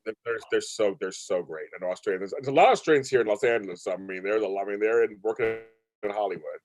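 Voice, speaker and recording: A man's voice: fairly low pitch, fast talker, darkish tone, no room sound. A man hosting an interview, chatty and enthusiastic, often rambling and repeating himself. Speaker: host. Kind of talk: casual interview chat. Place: Los Angeles.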